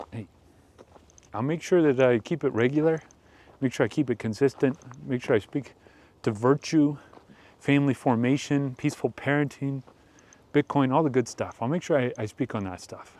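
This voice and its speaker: A man hosting a rambling commentary show, speaking with mocking deadpan sarcasm. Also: mid-range voice, normal speed. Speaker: commentary host.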